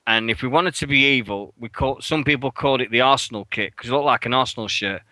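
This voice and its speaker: A man with a bright, forceful voice, telling a story in a casual radio chat. He swears freely and his pitch leaps sharply when he plays out his own outrage. The sound is close and dry, with no room in it. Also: fast, dry recording, rough recording. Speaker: radio show co-host. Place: radio studio.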